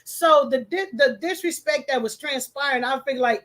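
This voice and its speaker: A woman's voice: sits high, moderate pace, hardly any pauses, fairly bright tone. A woman hosting her livestream at home, chatting casually, greeting viewers and stumbling over names as she reads comments. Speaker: livestream host. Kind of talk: casual livestream chat, reading comments aloud.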